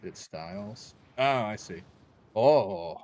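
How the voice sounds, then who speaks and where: A man's voice: fairly low pitch, expressive, slow, a little mellow. A young man streaming a game, rambling and joking with chat in a loose, crude way. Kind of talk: casual gaming stream chat.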